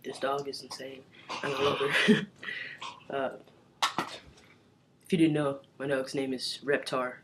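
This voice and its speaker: A man's voice: mid-range voice, very noisy. A young man chatting casually to the camera in his bedroom, rambling with lots of filler words and casual swearing. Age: young adult. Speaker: vlogger.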